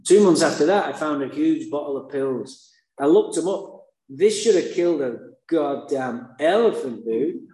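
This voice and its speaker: A man candidly telling a personal recovery story, blunt and profane with dark humor. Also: fairly high pitch, animated, a little slow. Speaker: speaker sharing his recovery story. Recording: roomy echo.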